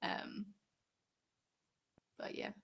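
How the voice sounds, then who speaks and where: A woman's voice: drawn-out words, a bit bright. A young English woman hosting a crafting live stream, chatting casually and reading out viewer comments in a giggly, rambling way. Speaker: crafting channel host.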